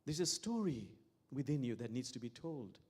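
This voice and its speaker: A man's voice: medium pitch, big pitch swings, moderate pace, a little mellow, husky. A man, an imam, giving a reflective sermon with stories and repeated key phrases. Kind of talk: sermon with storytelling.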